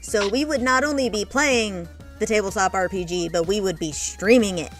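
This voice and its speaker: A woman with a Midwestern accent chats casually on a game stream, thinking aloud between moves. Her voice sits at a middling pitch, and faint game music plays behind her. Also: moderate pace. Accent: American Midwestern. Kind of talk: casual chat while gaming.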